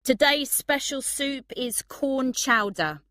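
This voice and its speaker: A woman's voice: sits high, lively intonation, slow pace, bright, forceful tone, dry recording, studio quality, pitched above the performer's own voice, heavily acted. A woman voicing a tired male restaurant manager in a storybook reading. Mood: announcing.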